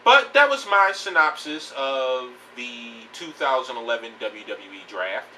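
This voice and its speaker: A man's voice: medium pitch, animated, a little slow, pushed and bright, distant mic, a little hiss or hum, poor audio. A man giving a blunt, profane, rambling rant about pro wrestling news in a casual home video. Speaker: wrestling vlogger.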